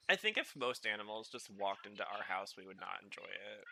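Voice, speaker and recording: A man hosting a podcast, giving casual, rambling commentary full of fillers and excitable reactions while watching a show. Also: on the low side. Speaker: podcast host.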